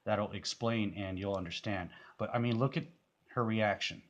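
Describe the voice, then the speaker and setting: Man, low voice, casual rambling commentary, lots of fillers. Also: steady tone, moderate pace, lo-fi sound. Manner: rambling, many fillers and restarts. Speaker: video commentator. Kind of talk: casual commentary over a music video.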